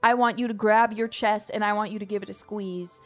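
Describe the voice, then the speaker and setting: A woman's voice: mid-range voice, fairly even intonation, brisk, soft background music. A young woman streaming, chatting casually in a playful, rambling way with theatrical bursts. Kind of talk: casual live-stream chat.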